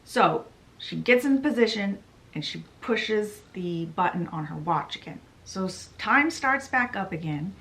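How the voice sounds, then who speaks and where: A young adult woman giving a chatty, animated recap of a novel on her vlog. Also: medium pitch, measured pace, poor audio. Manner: chatty, animated retelling with quoted voices. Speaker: book vlogger. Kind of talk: casual story recap.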